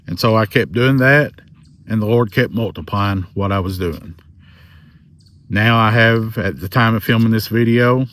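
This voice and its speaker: Slow-talking Southern man in his forties. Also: medium pitch, fairly bright tone. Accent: Southern US drawl. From American South. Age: 40s. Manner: slow, earnest, faith-filled. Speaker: paranormal content creator. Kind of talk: personal testimony to camera.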